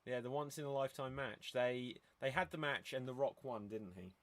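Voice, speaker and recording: A man's voice: medium pitch, a little fast, a bit bright. A man hosting a casual podcast, steering the talk with questions and hesitant fillers. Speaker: podcast host.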